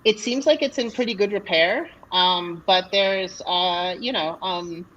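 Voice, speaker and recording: This dungeon master's narration is casual and halting, peppered with fillers and false starts, recorded at either a convention panel or an online game. She speaks a little slowly in a mid-range, fairly bright voice, captured with lo-fi sound.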